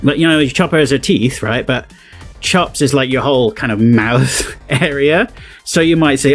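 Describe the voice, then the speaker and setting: A man's voice: medium pitch, normal speed, soft background music. A British man giving casual reaction commentary, rambling, chuckling and often correcting himself. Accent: British English. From Britain. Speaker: YouTuber.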